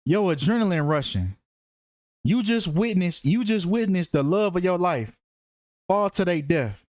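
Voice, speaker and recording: A man's voice: high-pitched, lively intonation, unhurried, a little mellow, no room sound, clean studio sound. A man giving a casual, profane commentary monologue, slangy and emphatic, repeating phrases for effect. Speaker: true-crime numerology commentator.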